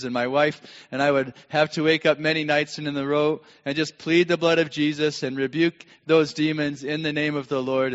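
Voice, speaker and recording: A middle-aged man preaching a sermon and telling a personal story, dramatic and swinging from hushed tones to shouting. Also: on the high side. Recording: long hall reverb, dull lo-fi sound.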